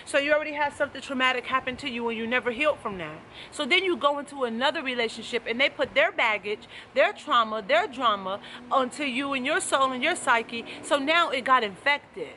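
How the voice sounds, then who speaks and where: A woman's voice: sits high, lively intonation, fairly quick, bright, forceful tone, slight background noise. A woman life coach giving an emphatic, preachy motivational talk to camera, repeating her key phrases.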